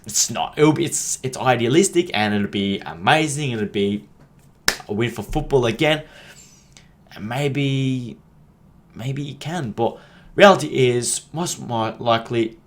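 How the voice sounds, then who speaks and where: A man's voice: medium pitch, very animated, measured pace. A young man giving a heated, rambling opinion monologue on his football podcast, restarting sentences and swearing as he goes.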